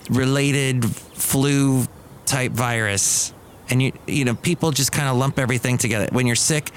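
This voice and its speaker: A man's voice: mid-range voice, a little hiss or hum. Rambling middle-aged male podcast host. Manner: rambling, with restarts and asides. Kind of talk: casual comic monologue.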